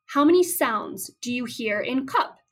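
A woman's voice: on the high side, lively intonation, a little slow. A woman speech-language pathologist explaining therapy steps on a teaching podcast, acting out prompts to a child as she goes.

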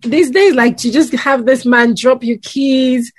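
A woman's voice: sits high, unhurried. A woman host reacting with enthusiasm in a casual interview. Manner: encouraging, enthusiastic listener.

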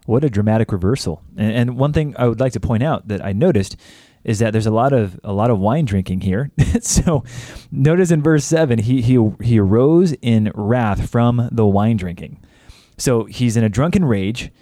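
Mellow-voiced man chiming in with quips. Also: medium pitch, moderate pace, no room sound, studio quality. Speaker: podcast co-host. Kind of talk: casual Bible study chat.

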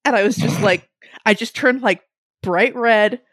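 A young woman telling a funny story in a casual way, animated, laughing often and swearing freely. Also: on the high side, measured pace, no room sound, studio quality.

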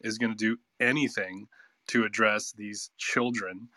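A man calling into a live debate while sick, slightly hoarse, making a measured, articulate argument. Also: on the low side, fairly even intonation, bright, forceful tone, dry recording. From United States. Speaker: caller.

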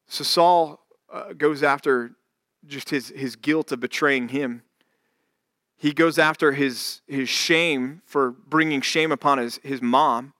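Guy preaching, kinda casual and jokey, slightly high voice, bright tone. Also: steady tone, measured pace, no echo, clean studio sound. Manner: conversational, jokey retelling of scripture with voiced asides. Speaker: pastor. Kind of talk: sermon.

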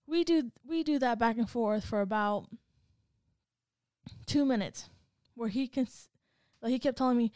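A woman co-hosting a casual podcast, telling a story in an animated way and acting out the other people's lines. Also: fairly high pitch, normal speed, no echo, studio quality. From Hispanic background. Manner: animated, acts out quoted dialogue. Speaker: podcast co-host.

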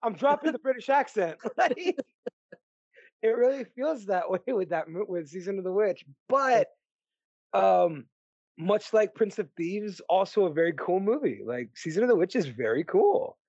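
Animated ranting podcast guy, lively pitch. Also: measured pace, breathy edge, no room sound. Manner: animated, ranting, swears freely. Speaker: podcast co-host. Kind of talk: casual movie chat. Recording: dry, dull lo-fi sound.

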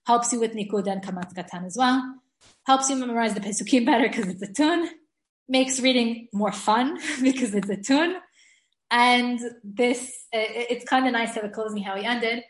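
A woman's voice: fairly high pitch, echoey room. A woman teaching an online class, chatty and enthusiastic, often laughing and restarting her sentences. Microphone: video call.

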